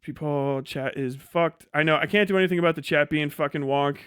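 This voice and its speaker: Young male streamer, high-pitched and dry, derisive, laughs a lot. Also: brisk, a bit bright, clean tone, dry recording. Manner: mocking, laughing often, profane. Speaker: livestream host. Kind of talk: casual livestream rant.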